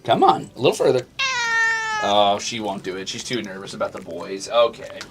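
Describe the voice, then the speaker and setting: A man's voice: fairly low pitch, moderate pace, very noisy. A young man streaming, talking to and scolding his cats in a playful, teasing way. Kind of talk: casual chat with pets on stream. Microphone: desk mic.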